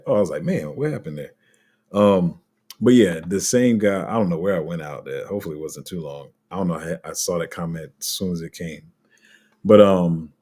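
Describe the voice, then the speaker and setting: A man's voice: deep voice, dark tone, slightly rough. A man giving casual livestream commentary on crypto, rambling and chatting with his viewers. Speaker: crypto streamer.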